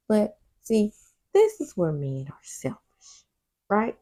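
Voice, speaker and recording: A woman's voice: mid-range voice, huge pitch swings, slow pace, mellow. A woman doing a casual TV recap vlog, sassy and talking back at the characters, with personal side stories. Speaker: TV recap host.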